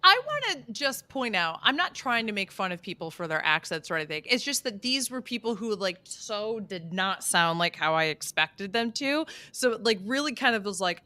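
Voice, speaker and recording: Give me a lively woman podcast host with a wide-swinging voice who slips into funny voices. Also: mid-range voice, normal speed, few pauses, no echo. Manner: animated, acts out quotes in voices. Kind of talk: casual recap chat.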